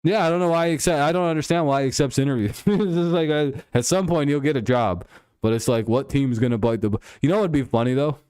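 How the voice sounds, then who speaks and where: A man's voice: on the high side, fast talker, darkish tone, smooth, dry recording, clean studio sound. A man hosting a casual stream, rambling and joking crudely about sports. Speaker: streamer host.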